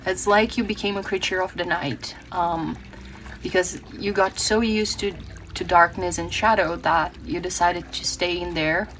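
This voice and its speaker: A woman's voice: lowish voice, steady tone, a little slow, a bit bright, a little hiss or hum, low-quality recording. Earnest woman giving a tarot reading. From Brazil. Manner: emotional, earnest, with many restarts and fillers. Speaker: tarot reader.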